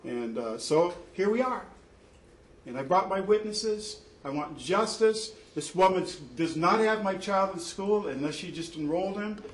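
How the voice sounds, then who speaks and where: A man's voice: sits high, lively intonation, normal speed. A man, a father and church deacon, giving an impassioned testimony in an indignant, emphatic way, often restarting his sentences. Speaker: father testifying in a custody dispute. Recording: echoey room with faint background noise.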